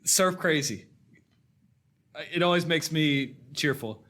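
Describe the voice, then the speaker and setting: A man's voice: on the high side, expressive, slow pace, fairly bright tone. A man co-hosting a film podcast, chatting casually and rambling a little, correcting himself as he goes. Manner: rambling, self-correcting, enthusiastic about film scores. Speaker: podcast co-host. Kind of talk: casual chat.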